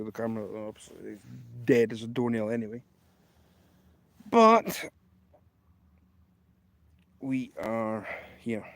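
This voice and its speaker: A Scottish man hosting a casual live walking stream outdoors at night, chatting in a rambling, hushed way into his phone. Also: medium pitch, no echo. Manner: rambling, chatty, kept quiet. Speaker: livestream host.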